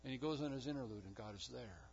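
A man preaching a sermon with emphatic delivery, rising to loud declarations and dropping to hushed low lines. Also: fast talker, vocal fry, dull audio, slight background noise. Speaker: pastor.

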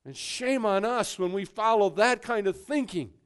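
Preacher, male, high-pitched and emphatic, hushed one moment and forceful the next. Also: moderate pace, smooth. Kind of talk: sermon.

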